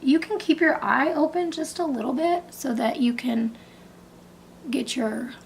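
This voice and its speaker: A middle-aged woman chatting casually through a makeup tutorial, rambling and dropping into soft half-whispered asides. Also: sits high, unhurried, gravelly, slight background noise. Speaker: beauty vlogger.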